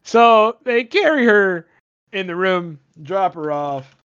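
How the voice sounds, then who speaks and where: A man's voice: sits high, animated, slow pace, fairly bright tone, clear, resonant tone. A man retelling a movie plot in a casual, rambling, profane way, joking as he goes. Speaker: podcast co-host. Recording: dull lo-fi sound.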